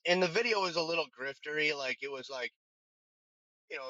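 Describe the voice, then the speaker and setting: In a casual interview, a firefighter who runs a vending business tells his story in a fast, sharp, mid-range voice, with many restarts and fillers. There's no echo, but the sound is dull and lo-fi.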